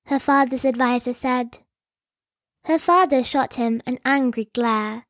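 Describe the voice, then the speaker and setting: High-voiced woman narrating slowly. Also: no room sound, clean studio sound. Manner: lightly wry asides. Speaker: storyteller. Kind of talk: scripted story narration.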